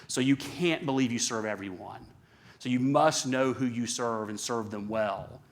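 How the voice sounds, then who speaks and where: A middle-aged man speaking at a seminar, brisk and emphatic, firing off rhetorical questions to the audience. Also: medium pitch. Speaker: conference speaker. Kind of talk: live seminar talk.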